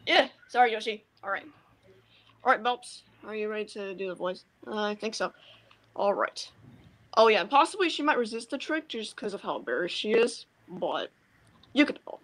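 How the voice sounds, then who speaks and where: Bright-voiced woman, rambling chat. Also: mid-range voice, animated, normal speed. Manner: rambling with many fillers. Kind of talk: casual group chat.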